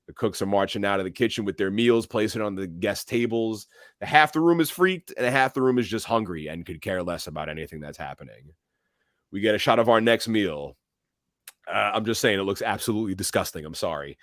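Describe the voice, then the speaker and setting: A man's voice: lowish voice, a little fast, a bit bright, no echo, studio quality. A man co-hosting a podcast, recapping a film in a blunt, profane, casual way. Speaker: podcast co-host.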